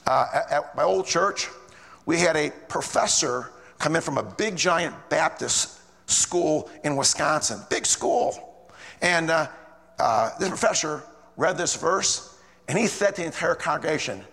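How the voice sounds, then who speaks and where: A man's voice: on the high side, normal speed, gravelly, a bit bright. A man preaching a sermon, telling stories animatedly and reading King James verses aloud. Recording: long reverb of a large room.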